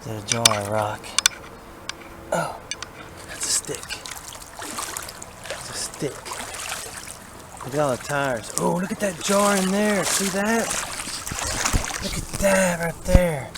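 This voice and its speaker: A man, chatting excitedly to himself and his viewers as he searches a creek outdoors. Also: fairly high pitch, measured pace, pauses often. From Alabama. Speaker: vlogger. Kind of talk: casual outdoor narration. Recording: outdoor recording with clear background noise.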